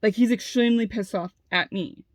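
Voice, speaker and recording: A woman's voice: medium pitch, fairly quick, no echo, clean studio sound. A young adult woman telling a personal story in a casual monologue, heated, with lots of "like" and frequent swearing. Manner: heated, fills talk with "like" and swears freely.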